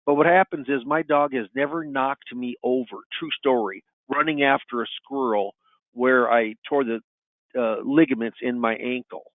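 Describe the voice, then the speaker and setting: A man's voice: mid-range voice, steady tone, moderate pace, no echo. Middle-aged male sales coach, chatty storyteller, tinny dry call-in audio. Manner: folksy storyteller, repeats "you know what". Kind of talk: webinar talk with client anecdotes.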